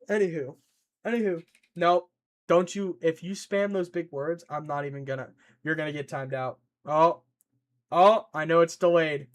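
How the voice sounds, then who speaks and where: Slightly high male voice, excitable rambling streamer, casual chat, reacting to chat. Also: moderate pace. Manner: excitable, rambling, scolding his pet and reading chat.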